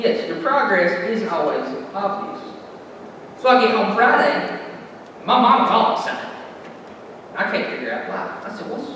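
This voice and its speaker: A man's voice: high-pitched, a bit bright. A young man preaching a sermon in a church, folksy and joking, telling stories about his family. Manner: folksy, joking, Southern turns of phrase. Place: church sanctuary. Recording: echoey hall from far off, faint noise.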